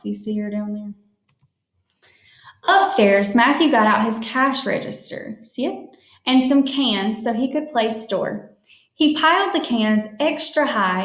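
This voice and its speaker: A woman reads a children's picture book aloud at a slow, patient pace. She stops to explain new words and points things out in the pictures. Her voice sits fairly high, and the room is echoey. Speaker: storytime reader.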